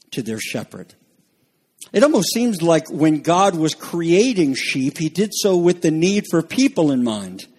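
A male pastor delivers a sermon in an earnest voice, leaning hard on key phrases and slipping in fillers and asides. His voice sits a little high for a man and has a husky edge. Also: a little mellow.

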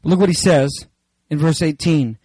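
A male pastor delivers a sermon with fervor. His voice sits a little high and leaps into shouted exclamations, then drops to quiet, intimate asides. The recording is dry and close. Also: normal speed, dry recording, rough recording. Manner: impassioned preaching with sudden shouts and hushed asides.

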